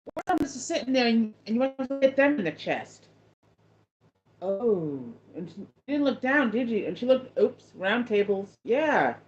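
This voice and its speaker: A woman's voice: on the high side, sing-song, unhurried. A woman hosting a casual chat with viewers, telling a story in a rambling way with many restarts. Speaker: host. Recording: dull lo-fi sound.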